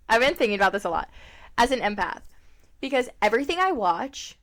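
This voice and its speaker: A woman's voice: on the high side, very animated, normal speed, fairly bright tone. A young woman co-hosting a podcast in casual chat, rambling with lots of fillers and frequent laughs. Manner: chatty, rambling, laughs often, many fillers. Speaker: podcast co-host.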